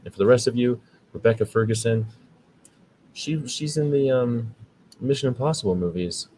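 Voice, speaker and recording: An American vegan podcast host delivers a chatty, rambling monologue that turns preachy about veganism. His medium-pitched, slightly mellow voice moves at a moderate pace, and the low-quality recording has a little hiss or hum.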